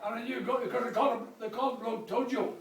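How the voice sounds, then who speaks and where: A man's voice: very high voice, steady tone, fast, crowd noise. Older man chiming in from across an echoey room. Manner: chiming in with corrections and memories. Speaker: father in family chat. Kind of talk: casual family storytelling. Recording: echoey room, far from mic, noisy.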